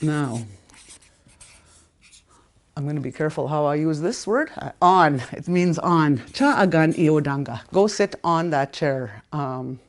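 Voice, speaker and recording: A woman from Canada leads a relaxed spoken language lesson in a slightly low voice. She repeats each word slowly for her learners. She leans hard on the stressed syllables as she says them. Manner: animated, stresses words strongly when saying them. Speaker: language teacher.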